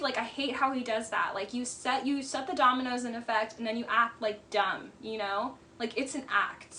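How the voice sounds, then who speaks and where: Brief: high-pitched woman, casual reality-TV recap, blunt and chatty, soft noise behind. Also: a little fast, hardly any pauses. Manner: chatty, blunt, says "like" a lot. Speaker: reality TV commentator. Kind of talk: casual commentary.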